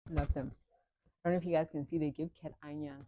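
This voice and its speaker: A woman's voice: low-pitched, fairly even intonation, fast, mellow, lo-fi sound, slight background noise. A South African woman chatting casually while doing her makeup, mixing English with local-language phrases as she talks about motherhood. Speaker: vlogger and mother. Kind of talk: casual get-ready-with-me chat.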